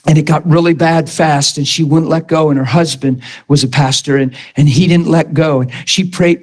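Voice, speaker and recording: Fervent high-voiced male preacher. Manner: impassioned, rising to shouts when quoting himself. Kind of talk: sermon.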